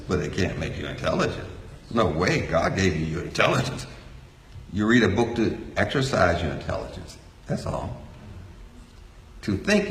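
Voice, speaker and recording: A man's voice: fairly low pitch, fairly bright tone, slight background noise. An older man giving a folksy, joking talk to a live audience. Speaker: speaker. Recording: echoey hall.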